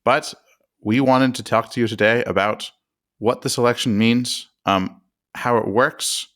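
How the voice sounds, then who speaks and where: A man's voice: medium pitch, fairly even intonation, a little slow, fairly bright tone. An American man co-hosting a podcast, explaining politics in a chatty, self-deprecating way with fillers and restarts. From United States. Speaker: podcast co-host.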